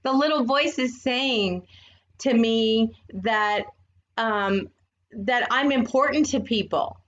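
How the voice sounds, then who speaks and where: Older woman co-host, earnest and heartfelt, higher voice, dull lo-fi audio. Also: takes it slowly, a bit bright. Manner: earnest, emotional. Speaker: podcast co-host. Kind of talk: casual heartfelt chat.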